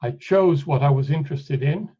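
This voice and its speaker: A man presenting a live software demonstration in a webinar, thinking aloud as he clicks through steps and often restarting his sentences. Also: fairly high pitch, moderate pace, slightly rough. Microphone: computer mic on a video call. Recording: dull lo-fi webinar audio.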